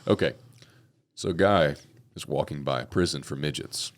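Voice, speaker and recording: A Texan man hosting a casual podcast interview, relaxed and joking as he trades dad jokes with his guest. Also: extremely low pitch, moderate pace. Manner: relaxed, joking, tells dad jokes with small put-on voices. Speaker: podcast host.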